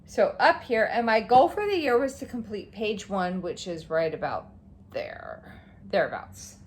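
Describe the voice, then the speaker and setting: A woman vlogger chatting casually about her stitching projects, rambling and excitable, tired and yawning at times. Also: medium pitch, measured pace, a little hiss or hum. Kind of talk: casual show-and-tell chat.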